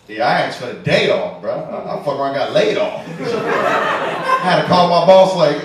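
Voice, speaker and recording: A man doing a stand-up set in street slang, laughing at his own jokes and shouting his punchlines. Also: on the high side, very animated, unhurried, pauses often, distant mic. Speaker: stand-up comedian. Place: comedy club stage. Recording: echoey club recorded from afar, crowd noise.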